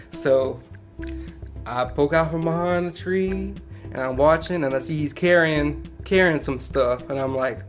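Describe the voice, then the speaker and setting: A man's voice: medium pitch, slow pace, faint music behind. Cajun man telling a story. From Louisiana bayou country. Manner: animated, laughs through his own story, Southern turns of phrase. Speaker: podcast guest. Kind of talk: casual storytelling.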